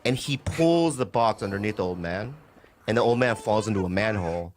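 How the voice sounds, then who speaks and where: A man's voice: fairly quick, faint music behind. A man in his fifties, chatting casually and acting out stories with big swings in his voice. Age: 50s. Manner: animated storyteller, acts out voices with big pitch jumps. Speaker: podcast co-host. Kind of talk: casual comedic chat.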